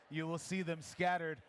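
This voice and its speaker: Brief: male barista instructor, slightly high voice, chatty encouraging coach, live festival demo. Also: flat delivery, a bit bright, a little hiss or hum. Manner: encouraging, chatty, gives quick pouring cues. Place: coffee festival demo area.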